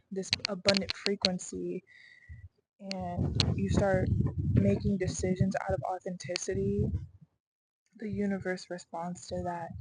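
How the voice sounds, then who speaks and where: A woman's voice: mid-range voice, heavy background noise. A young adult woman talking through her doubts in a rambling, earnest personal vlog, her delivery swinging to emphatic bursts. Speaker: vlogger.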